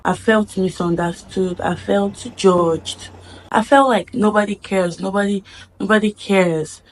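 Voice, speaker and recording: A woman's voice: medium pitch, fairly even intonation, measured pace, slight background noise. A woman speaking in a heartfelt personal vlog, earnest and reflective, repeating phrases for emphasis. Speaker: vlogger.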